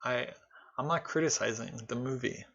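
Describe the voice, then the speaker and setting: A man's voice: medium pitch, moderate pace, gravelly, highs cut off, background noise. Sarcastic man reacting on a live stream. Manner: candid, sarcastic, laughs often, mocking voices. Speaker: host reacting to a video.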